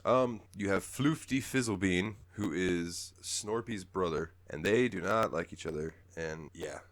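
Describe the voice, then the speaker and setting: A man with a deep voice, chatting loosely on a podcast, rambling, laughing and swearing as he goes. The sound is close and dry with no room around it. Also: measured pace, no echo. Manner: laid-back, rambling, laughs often, swears. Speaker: podcast co-host. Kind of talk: casual game review chat.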